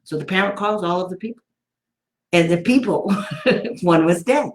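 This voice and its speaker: A woman's voice: lowish voice, normal speed, reverberant. A woman special education advocate telling a story in casual talk, blunt and sarcastic, often laughing.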